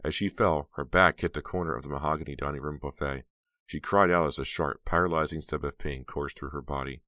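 A man reads a horror audiobook in a measured, dramatic way. His voice is extremely low and sits close and dry. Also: fairly even intonation, pushed and bright, dry recording. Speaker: audiobook narrator. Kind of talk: scripted narration.

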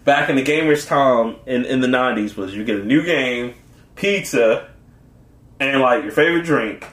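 A man co-hosting a casual podcast chat, animated and laughing often, acting out quotes in funny voices. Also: mid-range voice, moderate pace, roomy sound. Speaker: podcast co-host.

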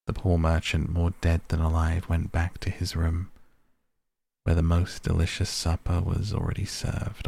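A man narrating a bedtime story as the host of a sleep podcast, in a gentle, measured reading. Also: low-pitched, vocal fry, husky.

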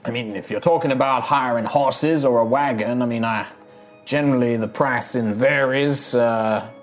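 A man's voice: mid-range voice, normal speed, faint music behind, lightly acted. A man voicing a humble old male dwarf in a tabletop game, speaking in a put-on Texan drawl with hesitant restarts.

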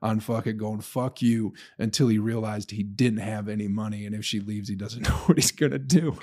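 A stand-up comedian delivers a loose, profane solo podcast monologue, laughing at his own stories. His voice is lowish and a little mellow, with fairly even intonation and a brisk pace.

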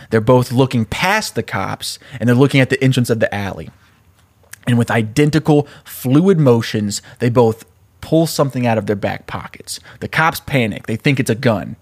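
A man casually pitching and retelling a story scene by scene, laughing often as he talks.

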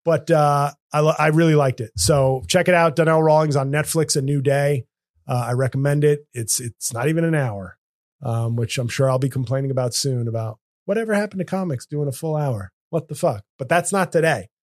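A man's voice: on the high side, fairly quick. A man hosting a comedy podcast, talking casually in rambling, self-interrupting runs with joking asides. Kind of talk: casual chat.

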